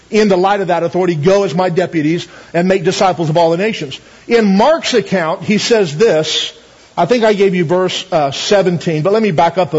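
A man preaching a sermon, telling a story and calling for amens, with a husky voice. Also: high-pitched, a little mellow, lo-fi sound. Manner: storytelling, asks the congregation for amens.

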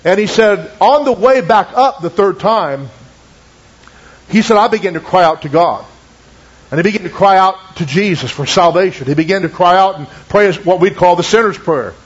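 A man preaching a sermon, retelling a testimony with many asides and quoting it in slow, lowered tones. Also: breathy edge. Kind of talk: sermon storytelling. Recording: dull lo-fi recording.

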